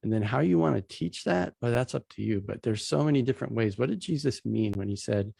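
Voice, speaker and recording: Guy with a gravelly voice walking thru bible slides, chatty and relaxed, dry close sound. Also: medium pitch, brisk, no echo. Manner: conversational, retells scenes in plain everyday slang. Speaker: Bible teacher. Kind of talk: casual teaching walkthrough of slides.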